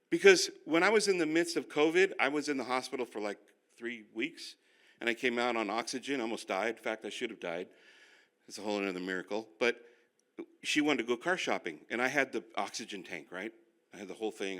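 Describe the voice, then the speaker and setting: A male pastor teaching a class with self-mocking humor and animated storytelling. His voice is very bright and swings widely in pitch, sitting mid-range for a man. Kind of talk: humorous sermon-style teaching.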